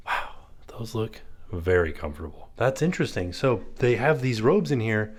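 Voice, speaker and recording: A man's voice: on the low side, sing-song, moderate pace. A man in his thirties narrating a casual walk-through of a hotel room as a vlogger. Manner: chatty, points things out as he walks.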